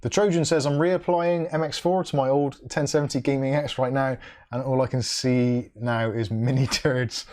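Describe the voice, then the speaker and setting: A man's voice: mid-range voice, a little mellow. A man hosting a casual livestream, reading viewer comments aloud and reacting with dry asides, humming to himself between messages. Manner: chatty, hums "da da da" between comments. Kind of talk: casual live-stream chat.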